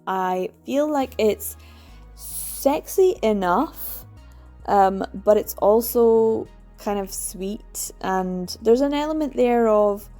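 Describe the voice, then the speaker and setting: Scottish woman, book vlogger, warm mellow tone, enthusiastic casual chat. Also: mid-range voice, expressive, takes it slowly, faint music behind. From Scotland. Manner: chatty and enthusiastic, laughs often.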